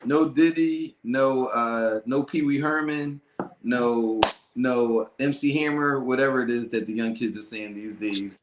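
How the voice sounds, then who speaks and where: A man hosting a casual podcast chat, animated and loose with slang, often laughing. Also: medium pitch, unhurried, reverberant, background noise. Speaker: podcast host.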